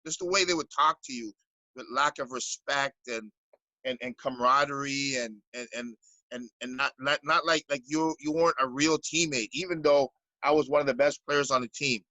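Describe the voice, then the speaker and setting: A man's voice: medium pitch, normal speed, pushed and bright, dry recording, poor audio. A Canadian basketball coach in a podcast interview, speaking earnestly and stumbling over repeated words as he searches for them.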